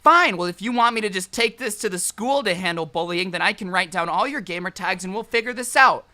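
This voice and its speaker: A man's voice: sits high, brisk, bright, forceful tone. A man voicing an upset mother confronting the kids who bullied her son, stern and demanding.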